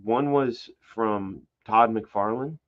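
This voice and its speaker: A man's voice: fairly low pitch, extremely slow, narrow, tinny audio. A man telling stories in a casual podcast chat, swearing freely and acting out what others said. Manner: animated storyteller, swears, acts out quotes. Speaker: comic book artist guest.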